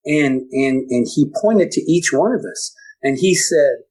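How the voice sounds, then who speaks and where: Husky-voiced man telling a personal story. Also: on the high side, expressive, darkish tone, rough recording. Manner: emotional, halting, repeats words. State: choked up. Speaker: podcast guest.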